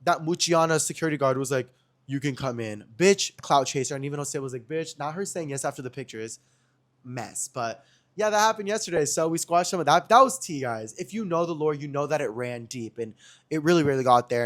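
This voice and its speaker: Fast-talking young man spilling gossip. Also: a little high. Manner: slangy, chatty, addresses viewers as guys and chat. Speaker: podcast host. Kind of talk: casual gossip storytelling.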